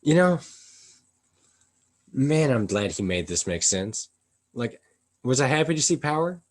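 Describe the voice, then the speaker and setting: A man casually chatting about manga as a co-reviewer, animated and quick to laugh along. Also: medium pitch. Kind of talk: casual chat.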